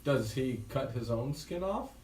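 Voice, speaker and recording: A man's voice: medium pitch, animated, measured pace, darkish tone. A man co-hosting a casual podcast, cutting in with dry, wry remarks. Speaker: podcast co-host. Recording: roomy, distant mic with faint hiss.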